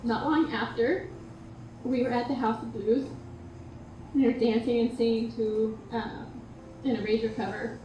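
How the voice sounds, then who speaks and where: A woman's voice: on the high side, fairly even intonation, unhurried, pauses often, warm tone. A woman giving a heartfelt eulogy and toast for her late partner at a memorial gathering. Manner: heartfelt, tender storytelling. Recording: echoey room, distant mic, background noise.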